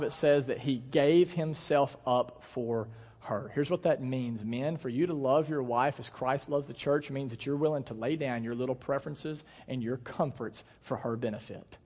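A man's voice: mid-range voice, darkish tone. A man in his thirties, a pastor, preaching a sermon with earnest emphasis and playful storytelling asides. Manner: earnest, emphatic preaching with slowed stress on key words. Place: church sanctuary. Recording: long church hall reverb.

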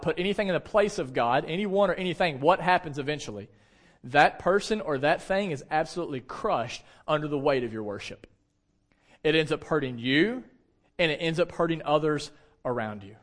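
A man in his thirties preaches to his congregation in a direct, conversational way. His voice sits a little high for a man, and he tells personal stories with energy. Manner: animated storytelling, shouts when acting out anecdotes. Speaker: pastor. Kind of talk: sermon.

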